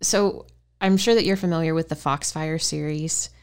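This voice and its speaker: A woman with a very low, smooth, clear voice hosts a podcast interview. She mostly listens with brief affirmations, then asks her guest a long, easygoing question. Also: normal speed. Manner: attentive, short affirmations. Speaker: podcast host.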